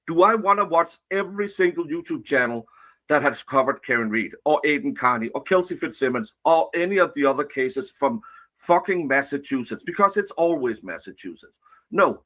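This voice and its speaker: A man's voice: on the high side, expressive, moderate pace, sharp tone. A man on a played clip, ranting angrily and profanely, confronting his critics. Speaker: online commentator. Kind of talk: angry rant.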